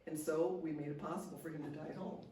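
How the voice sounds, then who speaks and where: A woman's voice: low-pitched, fairly even intonation, fast talker, mellow, a little hiss or hum. An older woman speaking at a seminar, sharing personal stories in an earnest way with frequent restarts. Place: seminar room. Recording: echoey room, distant mic.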